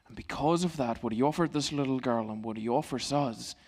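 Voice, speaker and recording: A middle-aged male pastor giving a sermon in a church, in a calm, gentle, conversational way. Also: medium pitch, brisk.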